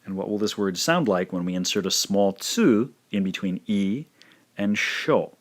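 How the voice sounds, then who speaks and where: Low-pitched male language teacher, patient and methodical, repeats each example word for practice. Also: expressive. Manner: slow, careful demonstrations with repeated words. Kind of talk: scripted lesson narration.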